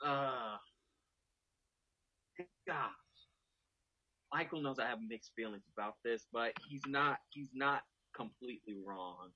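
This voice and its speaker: Playful, dramatic male panelist; bright, forceful voice; muffled video call audio from home. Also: medium pitch, slow pace, long pauses. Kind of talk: casual sports chat.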